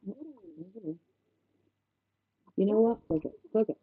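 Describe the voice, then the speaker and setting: A woman's voice: mid-range voice, very animated, measured pace, long pauses, slightly rough, dry recording. Woman streaming through a muffled, tinny mic. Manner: rambling, swears a lot, fumbling with gear. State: sick and congested. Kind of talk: casual livestream chat.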